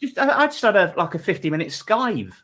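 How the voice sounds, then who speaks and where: An English male host with a bright, ringing tone and a very lively, swooping voice. He keeps the chat jokey and moves things on. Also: high voice, brisk, slight background noise. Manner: animated, jokey, moves the show along. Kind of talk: casual chat.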